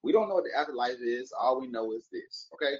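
The audio is dull, but the man's mid-range voice stays animated at a quick pace. Addressing his viewers directly, this vlogger gives a loose motivational talk full of jokes and wordplay, rambling cheerfully and wishing them a good day.

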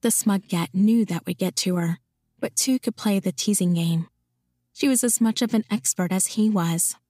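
A woman's voice: mid-range voice, normal speed, mellow, no room sound, clean studio sound. Woman narrating a romance audiobook. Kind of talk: scripted narration of a romance novel.

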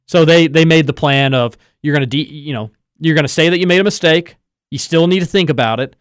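A man hosting a sports podcast, telling a story in a lively casual way and acting out the quotes. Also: medium pitch, brisk, no echo, studio quality. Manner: animated storyteller, acts out quotes. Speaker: podcast host.

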